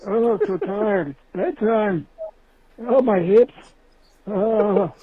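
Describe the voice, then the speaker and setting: Guy doing a creaky old grandpa, slow and whiny, sing-song complaints, phone-line sound. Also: high voice, very animated, heavily acted. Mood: grumbling, weary. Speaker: voicemail caller. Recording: tinny phone voicemail.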